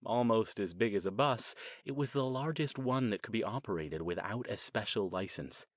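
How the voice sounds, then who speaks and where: Low-voiced male audiobook narrator. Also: moderate pace, no room sound, clean studio sound. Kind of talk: scripted narration.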